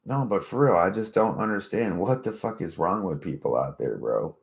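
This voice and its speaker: A man's voice: sits low, lively intonation, moderate pace, gravelly. A man ranting casually to camera, rambling, cursing and mocking people. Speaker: vlogger. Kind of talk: casual profane rant.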